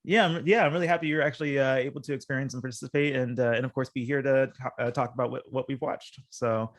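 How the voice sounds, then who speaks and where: A man's voice: mid-range voice, fairly even intonation, fast talker. A man hosting a casual chat over a call, upbeat and chatty, laughing easily. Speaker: podcast host.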